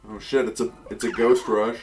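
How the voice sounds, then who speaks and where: A man's voice: on the low side, level tone, moderate pace, a little mellow, soft background music. A young man streaming a game with a friend, joking and laughing as he talks. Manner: joking, laughs often, slips into silly voices. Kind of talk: casual gameplay chat.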